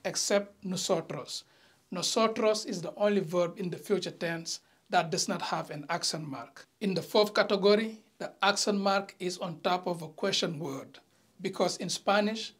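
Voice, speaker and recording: With a mid-range voice, a language teacher runs an online lesson aimed squarely at viewers. There's some gentle teasing, and each example sentence is read slowly and carefully.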